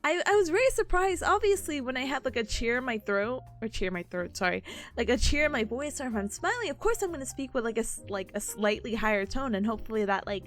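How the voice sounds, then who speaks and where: A woman hosting a casual study livestream, chatting and rambling with frequent giggles, seated at home. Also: fast. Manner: animated, jumps into high-pitched impressions. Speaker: livestream host. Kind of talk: casual study-stream chat.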